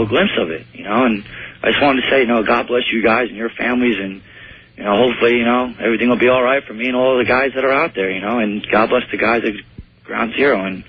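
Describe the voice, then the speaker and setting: A man's voice: medium pitch, quick pace. A man calling in to a radio show, emotional and rambling, full of fillers. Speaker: caller, volunteer. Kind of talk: call-in radio. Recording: tinny phone line with faint hiss.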